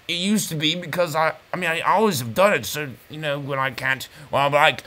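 A man's voice: a little high, fairly quick, hardly any pauses, bright, forceful tone. A man giving casual, rambling, self-mocking commentary over a brain-training game. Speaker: gameplay commentator.

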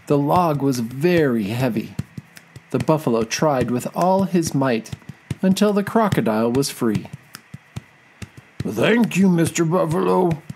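A storyteller reading a children's folk tale aloud in a slow, expressive way. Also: medium pitch, slight background noise, low-quality recording.

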